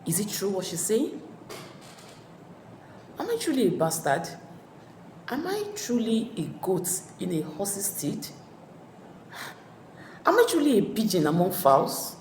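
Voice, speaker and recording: A woman's voice: medium pitch, very animated, unhurried, pauses often, a little mellow, slight background noise. A woman voicing an arrogant young prince, his lines in a raised, scornful tone in an echoey room. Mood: troubled. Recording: echoey room with long reverb.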